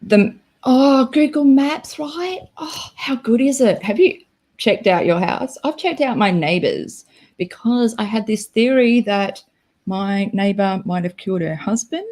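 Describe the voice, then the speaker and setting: Slow-talking Australian woman chatting. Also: on the high side, lively intonation, darkish tone. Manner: chatty and self-deprecating, reacting to chat. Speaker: livestream host. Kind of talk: casual livestream chat.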